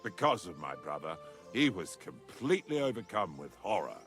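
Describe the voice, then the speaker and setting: An actor voicing a gruff male convert in a video game, speaking gravely about his dead brother. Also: deep voice, sing-song, normal speed, a bit bright, faint music behind, full character voice. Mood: solemn.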